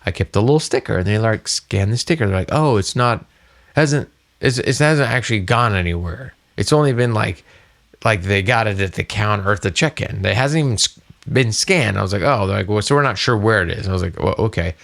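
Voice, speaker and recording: With a lowish, fry-tinged voice and a fairly quick pace, a middle-aged man co-hosts a podcast. He tells a story casually and with animation, doing the voices of its characters.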